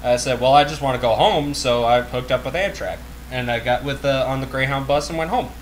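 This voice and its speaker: A man's voice: medium pitch, a little fast, a little hiss or hum. A man co-hosting a casual chat, blunt and profane, chuckling as he talks. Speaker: co-host.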